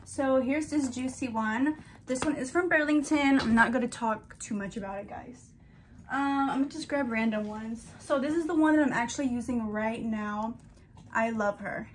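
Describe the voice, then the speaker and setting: A woman's voice: a little high, slight background noise. A young woman in her twenties chatting casually through a haul vlog, gushing and speaking to her viewers directly. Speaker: vlogger.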